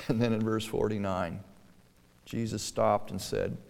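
A pastor with a lowish, slightly mellow voice and vocal fry preaches at a measured pace, showing little pitch movement overall yet swelling and dropping for emphasis. Earnest, he acts out pleading quotes in a reverberant church hall.

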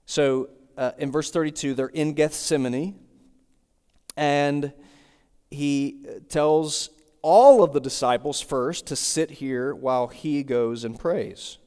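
A man's voice: on the high side, slow, warm tone, clean tone. Man preaching in a reverberant hall. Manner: explains verse by verse, with repeated phrases. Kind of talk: expository sermon.

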